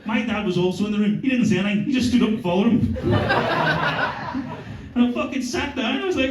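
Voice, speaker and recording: A Northern Ireland comic in his thirties, with a Northern Irish accent, does a comedy club set full of sweary stories at his own expense. His very high, darkish voice moves at normal speed. The sound is roomy, with the mic picked up from afar.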